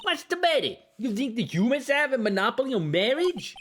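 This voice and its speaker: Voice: high voice, big pitch swings, brisk, fairly bright tone, slight background noise, pitched above the performer's own voice. A player voicing an indignant, lovesick male ventriloquist puppet in a fan dub of a game.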